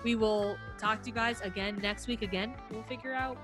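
A young woman co-hosting a casual sports podcast, talking in an animated, emotional way as a frustrated fan. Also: on the high side, brisk, music in the background. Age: young adult. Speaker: podcast co-host.

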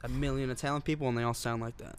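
A man's voice: mid-range voice, steady tone, very fast, slight background noise. A young man co-hosting a casual podcast, joking around, breaking into silly voices and coughing now and then. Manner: joking, puts on silly accents, coughs often. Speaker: podcast co-host. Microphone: podcast mic.

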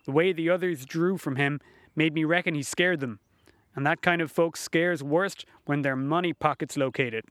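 A man's voice: a little high, fairly bright tone, dry recording. Man reading a folksy tale aloud. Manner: folksy, unhurried storytelling. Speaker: narrator. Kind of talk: first-person storybook reading.

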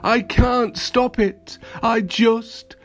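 A man's voice: extremely high pitch, steady tone, drawn-out words, faint music behind, pitched above the performer's own voice, full character voice. A man doing a sheepish, apologetic wizard. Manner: apologetic, gentle.

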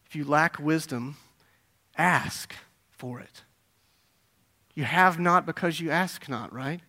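Male pastor, high bright voice, animated sermon with storytelling and rhetorical questions. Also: takes it slowly.

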